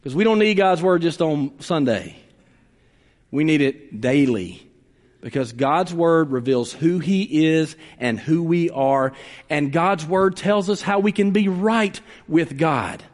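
A man preaching a sermon as pastor, swinging between emphatic calls and sudden hushed drops. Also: a little high, expressive, takes it slowly. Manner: preaching with dramatic drops to a hush and rising emphasis. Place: church sanctuary. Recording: reverberant church hall.

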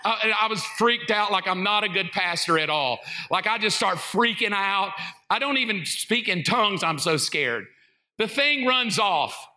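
A middle-aged male pastor preaching with jokes and stories. His voice sits high and sounds very bright and forceful. He is animated and acts out the people he quotes. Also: moderate pace. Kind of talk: comedic sermon storytelling.

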